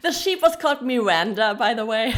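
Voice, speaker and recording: A woman's voice: a little high, expressive, a little fast, a bit bright. A woman co-hosting a podcast, reviewing a TV episode in casual chat, with frequent ums. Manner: chatty, frequent ums, laughs while telling details. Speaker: podcast co-host.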